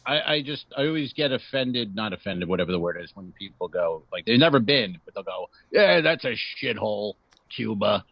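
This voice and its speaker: A man's voice: lowish voice, animated, brisk, hardly any pauses, no room sound. A brash, sarcastic man co-hosting a comedy podcast who swears freely as he riffs. His voice sits in a mid register and comes through a dry, slightly dull microphone with no room sound. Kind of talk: casual comedic chat.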